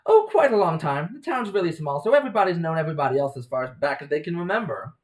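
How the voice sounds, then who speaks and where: An upbeat, chatty young woman from a small mountain town, as a man puts her on. She talks in a raised, friendly voice with lively rises and falls. She sounds eager to make a newcomer feel welcome. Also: quick pace, close to an everyday voice, poor audio. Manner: bright, chatty, higher-pitched.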